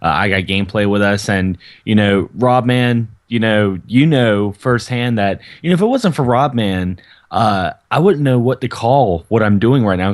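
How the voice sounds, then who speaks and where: A low-pitched man, speaking in a relaxed, halting way with plenty of "you know"s. He asks the guests questions on a casual podcast. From American South. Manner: easygoing, hesitant, many fillers.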